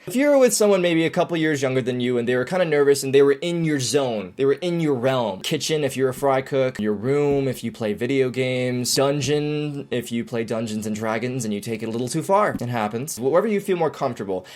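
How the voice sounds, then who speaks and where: A young man in his twenties hosts a comedic advice vlog. He keeps it light and jokey, and he pokes fun at himself along the way. His voice sits at an ordinary middle pitch. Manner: jokey, playful, self-mocking asides. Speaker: vlogger giving advice.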